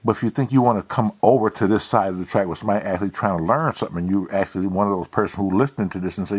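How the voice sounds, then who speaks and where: A man's voice: on the low side, fast talker, darkish tone, breathy edge. A man hosting his own talk show, giving a blunt, profane, preachy monologue. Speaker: podcast host. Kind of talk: casual monologue.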